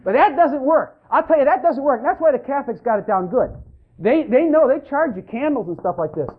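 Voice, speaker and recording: An emphatic preacher drives a church sermon along, repeating lines and calling out to the listeners. The voice rises and falls with a lively, swinging pitch. It comes through a narrow, tinny recording that sounds like a phone line. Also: fairly quick. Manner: fervent, emphatic, repeats phrases and calls out to the congregation.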